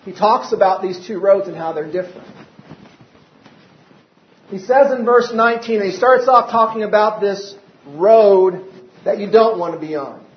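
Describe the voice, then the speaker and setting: High-voiced preacher in a roomy hall. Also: male voice, normal speed, long pauses. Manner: preaching with rising emphasis and repeated rhetorical questions. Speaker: pastor. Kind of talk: sermon. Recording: roomy, dull lo-fi church recording.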